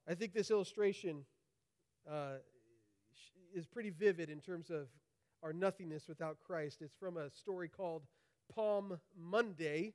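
A male pastor delivers an earnest sermon with a notably high-pitched voice. He speaks emphatically and keeps checking in with quick tag questions. His pace rises and falls as he presses each point.

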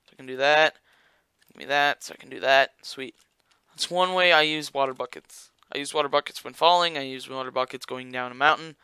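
Chatty young man, bright clear voice. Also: a little high, no echo. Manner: rambling, jokey, talks to viewers. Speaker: gaming YouTuber. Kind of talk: casual gameplay commentary.

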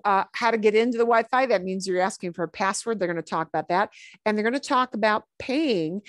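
A woman's voice: mid-range voice, no room sound, clean studio sound. A middle-aged woman teaching a Spanish class over a video call, chatty, slipping Spanish phrases into her English explanations. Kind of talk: online class lesson.

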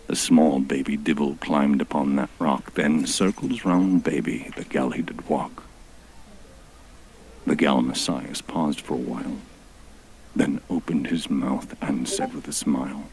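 A man's voice: a bass voice, unhurried, a little mellow, husky. A man narrating a comic, mock-epic rhyming story in a theatrical manner.

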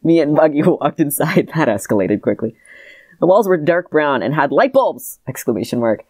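Woman with a super deep voice reading her kid story out loud deadpan, dry close sound, cracks up laughing. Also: a little fast, no echo. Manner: reads in a flat deadpan, breaking into laughter. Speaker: podcast co-host reading her childhood story aloud. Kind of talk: comedic read-aloud of old writing.

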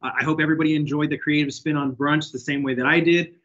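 A man's voice: on the high side, steady tone, fast, a bit bright. Man hosting a webinar, dull audio. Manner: friendly, loose with fillers. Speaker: host.

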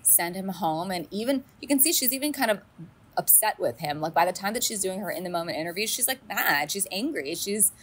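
A woman co-hosting a casual recap podcast, talking in an animated way with many fillers and acting out quotes. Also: medium pitch, a little fast, slightly rough. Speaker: podcast co-host.

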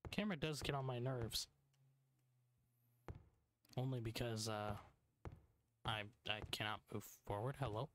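A man's voice: mid-range voice, measured pace, long pauses, a bit bright. A young man commenting on his own gameplay as he plays, frustrated and swearing a lot. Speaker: gamer streamer. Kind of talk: let's play commentary. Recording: noisy home recording.

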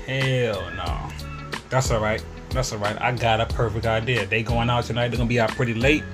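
A man telling a funny personal story in a casual, slangy, animated way, sometimes laughing. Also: medium pitch, normal speed. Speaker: storyteller vlogger. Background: video game music.

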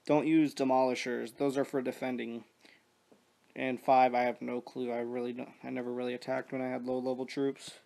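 A man's voice: mid-range voice, flat delivery, fairly quick, vocal fry, a little mellow. A man giving loose, rambling commentary on a strategy game he is playing, swearing often and restarting his sentences. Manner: rambling, profane, many restarts and fillers. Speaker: mobile strategy game player. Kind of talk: casual gameplay commentary.

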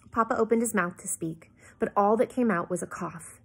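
A woman reading a novel aloud in an expressive way, with small slips and asides. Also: on the low side, measured pace, vocal fry, slightly rough. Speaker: reader.

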